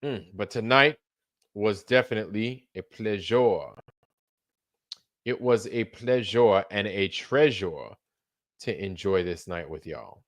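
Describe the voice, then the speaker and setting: A man's voice: on the low side, slow, a bit bright. A man hosting a late-night livestream, rambling loosely, swearing freely and repeating himself as he trails off. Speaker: livestream host.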